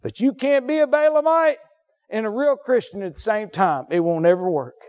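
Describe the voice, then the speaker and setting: A male pastor, preaching a sermon with fervent rises into high shouts and soft, low drops. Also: normal speed, lo-fi sound.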